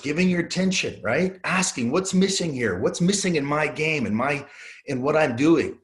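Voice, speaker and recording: A man's voice: fairly high pitch, expressive, normal speed. A man in his forties presenting a motivational sales webinar, earnest and story-driven, with frequent ums and uhs.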